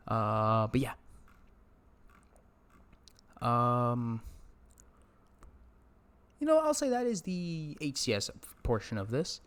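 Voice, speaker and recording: A man's voice: mid-range voice, wildly swooping pitch, drawn-out words, long pauses, fairly bright tone, smooth. A man hosting a solo esports podcast, ranting profanely in a casual way and greeting his live chat. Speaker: podcast host. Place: indoors at a streaming setup.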